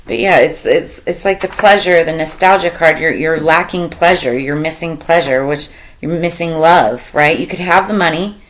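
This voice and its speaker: A woman's voice: sits low, moderate pace, poor audio. A woman reading tarot cards for a zodiac sign in a casual, meandering way, thinking aloud with lots of fillers. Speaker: tarot reader.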